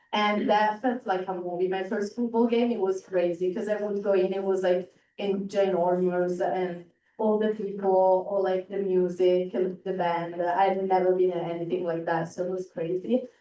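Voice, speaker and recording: Brief: teen exchange student from Italy, chatty filler-heavy talk, far-off roomy room sound. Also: female voice, medium pitch, mellow, dull audio. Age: teens. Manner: chatty, lots of "like" and "um". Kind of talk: informal presentation to a club. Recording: roomy hall sound, distant mic.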